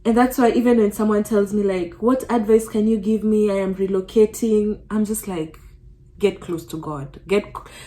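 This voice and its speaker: Young woman vlogger, earnest chatty storytelling, lots of "like", casual. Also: medium pitch. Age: young adult. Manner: earnest, animated storytelling, often says "like". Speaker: vlogger and student. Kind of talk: casual storytime chat while getting ready.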